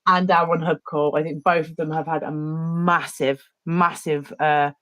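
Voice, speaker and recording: A woman's voice: low-pitched, little pitch movement, measured pace, fairly bright tone, dull audio. A woman with a British accent chatting casually while painting, rambling and hesitant with many fillers. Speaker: co-host.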